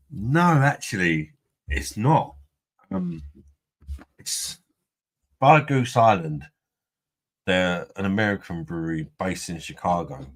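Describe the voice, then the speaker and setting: A man hosting a casual livestream, reading out viewer comments, jokey and rambling, tipsy from beer and laughing often. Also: deep voice. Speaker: livestream host.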